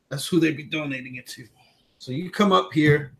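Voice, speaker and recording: A man's voice: on the high side, normal speed, gravelly, a bit bright, slight background noise. A man hosting a tech livestream from home in a loose, rambling way. He repeats himself and breaks off to talk to his small son. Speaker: tech channel host. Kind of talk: casual livestream chat.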